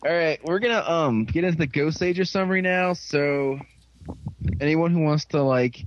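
A young man hosting a casual podcast, rambling and sarcastic as he sums up an episode and mocks the characters in quick put-on voices. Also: a little high, muffled recording, a little hiss or hum. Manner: rambling, sarcastic, mocking voices while retelling scenes. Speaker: podcast host.

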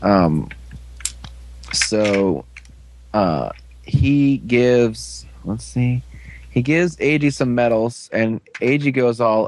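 A man's voice: mid-range voice, expressive, very slow, pauses often, background noise. A man casually recapping an episode as a podcast co-host, rambling with lots of fillers. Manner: rambling, filler-heavy storytelling.

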